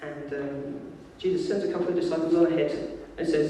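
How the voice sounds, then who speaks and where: A man preaching a sermon in lively, informal storytelling, acting out the voices of the people in the story. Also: on the high side, fairly quick. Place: church. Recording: echoey hall from far off.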